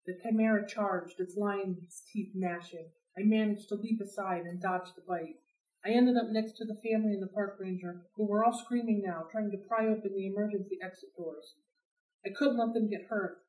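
A woman's voice: mid-range voice, steady tone, normal speed, darkish tone. Woman reading a novel aloud, roomy. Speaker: library read-aloud host. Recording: roomy sound, distant from mic.

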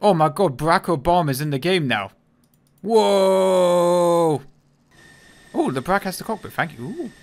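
A man's voice: high-pitched, lively intonation, unhurried. A man streaming a game, giving casual, joking commentary that is irreverent and profane.

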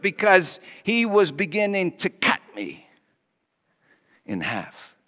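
A male pastor preaching a dramatic first-person monologue, speaking in character as a Roman governor with a theatrical, halting delivery. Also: high-pitched, very animated, creaky, bright, forceful tone. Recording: long reverb of a large hall.

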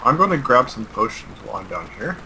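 A man talking casually while playing a co-op game, relaxed and matter-of-fact. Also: mid-range voice, quick pace. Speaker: co-op gaming guest. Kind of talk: casual co-op gameplay chat. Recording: very noisy game voice chat.

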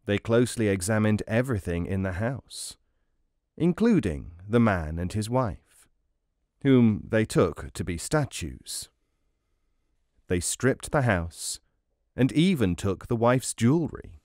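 Slow, expressive male storyteller. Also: lowish voice, no room sound, clean studio sound. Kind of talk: read-aloud storybook narration.

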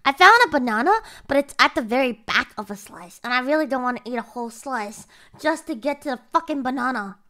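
High, lively swearing young woman streamer. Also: brisk. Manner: dramatic, profane, swings between groans and shrieks. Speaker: VTuber streamer. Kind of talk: food challenge commentary to viewers.

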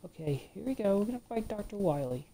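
A woman's voice: mid-range voice, expressive, quick pace, dark tone, slight background noise. A woman giving gameplay commentary, ranting and swearing at the game as she plays. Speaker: let's play gamer.

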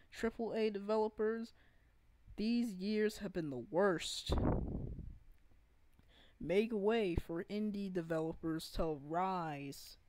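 A woman's voice: medium pitch, darkish tone, low-quality recording. A woman in an unscripted gaming rant, earnest and pleading, often stopping to restart her sentences. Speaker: gaming vlogger.

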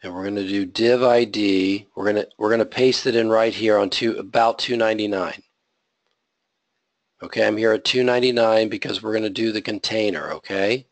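A man's voice: fairly low pitch, steady tone, moderate pace, no echo. A man teaching a web design class, talking through his code step by step and checking in with the students. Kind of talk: live coding lecture.

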